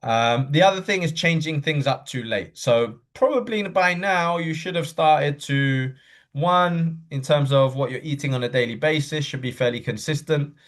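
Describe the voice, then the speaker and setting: A man coaching runners in a live online session, talking quickly and casually with fillers and frequent okays. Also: a little high. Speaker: running coach. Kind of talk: live online workshop talk.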